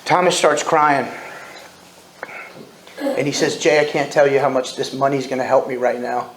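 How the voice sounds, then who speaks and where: A man's voice: mid-range voice, little pitch movement, normal speed, slight background noise. A man in his forties, speaking at a recovery meeting and telling his story candidly, with self-deprecating humor. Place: meeting room. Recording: echoey room with faint ambience.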